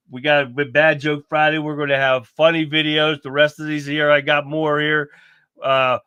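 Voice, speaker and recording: Picture a chatty man hosting his own livestream, talking in a loose, folksy way straight to his viewers. His voice sits a little high and sounds bright and forceful. It is close and dry, with no room sound. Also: clear, resonant tone, no room sound. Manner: chatty and folksy, keeps calling the audience guys. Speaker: livestream host. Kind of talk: casual livestream chat.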